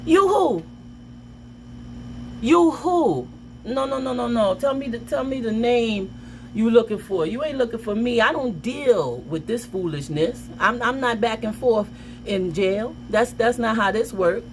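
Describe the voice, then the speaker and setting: A woman vlogger telling a personal story in a casual, animated way, with dramatic outbursts. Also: fairly high pitch, normal speed, a little hiss or hum.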